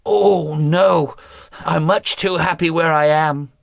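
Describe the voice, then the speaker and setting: A man voicing a giddy young princess in love, excited and quavering, for an audiobook. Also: high-pitched, brisk, no room sound, studio quality, voice pushed up.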